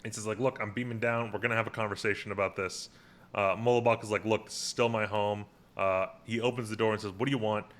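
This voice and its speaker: A man's voice: fairly low pitch, steady tone, fast talker, a bit bright. A man co-hosting a podcast, recapping an episode in casual chat and paraphrasing the scenes with lots of fillers.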